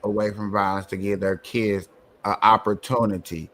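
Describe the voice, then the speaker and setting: A man's voice: lowish voice, little pitch movement, moderate pace, a bit bright. A man in a casual heated debate on a live stream, talking emphatically and repeating himself to get the floor.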